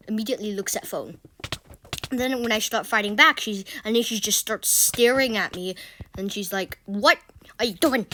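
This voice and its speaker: A woman who vlogs for a gaming channel tells casual stories in a rambling way, stammering into restarts and tossing in exasperated asides. Her voice is a little high and a bit bright, with slight background noise.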